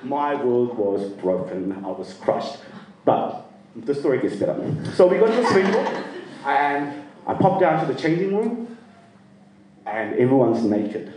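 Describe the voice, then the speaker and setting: A middle-aged man from Sri Lanka telling a funny personal story to a live audience, lively and self-mocking, often laughing. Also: medium pitch, unhurried. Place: performance venue. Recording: roomy sound from a distant mic.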